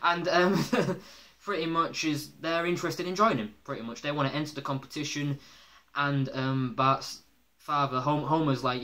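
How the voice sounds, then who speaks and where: Bright-voiced man rambling through a review. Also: a little high, normal speed. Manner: rambling, laughs often, many fillers. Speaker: episode reviewer. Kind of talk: casual spoken review.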